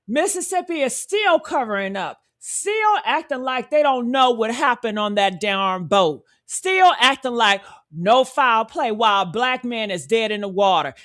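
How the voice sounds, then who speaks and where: A woman's voice: fairly high pitch, animated, unhurried, hardly any pauses, a bit bright. A woman hosting her commentary channel, in a fiery, emphatic rant that repeats phrases for effect.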